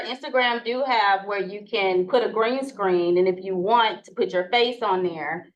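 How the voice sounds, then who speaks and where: A woman's voice: medium pitch, fairly bright tone, dull audio. A woman with a Southern US accent giving a casual how-to talk to a group, with many fillers. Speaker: presenter.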